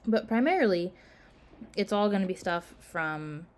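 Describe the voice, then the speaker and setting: A woman teaching a college class shares course announcements casually, yawning and sounding tired while leaning heavily on "um" and "like." Her medium-pitched voice is animated and a little slow.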